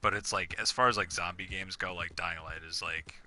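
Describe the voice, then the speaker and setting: A man's voice: sits low, steady tone, fairly quick, bright, forceful tone. A young man chatting casually while gaming, rambling with lots of fillers and swearing. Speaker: gamer.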